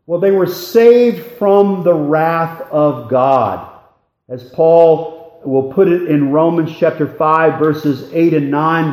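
A man delivers a sermon at a slow, measured pace, his voice sitting a little higher than most men's. He leans into emphatic phrases and reads scripture aloud. The sound is roomy and echoey, like a church hall. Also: a little mellow. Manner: deliberate, emphatic preaching cadence with scripture reading. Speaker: preacher. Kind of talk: expository sermon.

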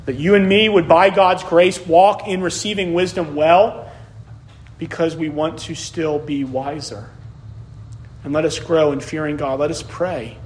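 A man's voice: a little high, fairly even intonation, moderate pace, a little hiss or hum. A man preaching a sermon as pastor, repeating key phrases as his delivery builds in intensity.

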